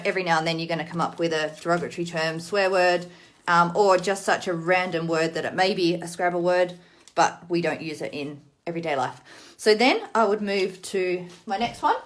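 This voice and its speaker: Woman sounding out words as she teaches. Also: on the low side. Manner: sounds out words slowly, then explains briskly. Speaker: teacher demonstrating literacy games. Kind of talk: casual tutorial demonstration.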